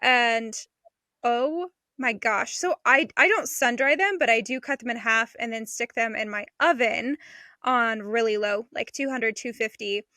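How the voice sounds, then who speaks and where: A woman's voice: fairly high pitch, moderate pace, sharp tone, no echo, studio quality. A young adult woman co-hosting a homesteading podcast, chatting enthusiastically and laughing between thoughts. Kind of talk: casual chat.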